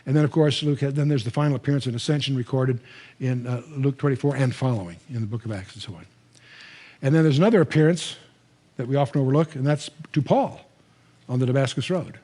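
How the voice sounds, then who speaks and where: Talking fast at medium pitch, an older man leads a Bible teaching for a live crowd. His storytelling is animated and conversational, with frequent restarts.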